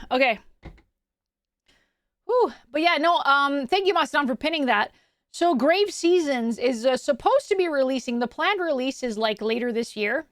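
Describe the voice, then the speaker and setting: This clip features a chatty female VTuber on a casual stream, answering her viewers brightly and cheerfully in a high voice. The recording is close and dry, without any echo.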